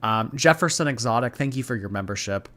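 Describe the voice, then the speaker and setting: A man's voice: mid-range voice, lively intonation, brisk, fairly bright tone. A man hosting a live stream, commenting casually and reading out viewer messages in a rambling, chatty way.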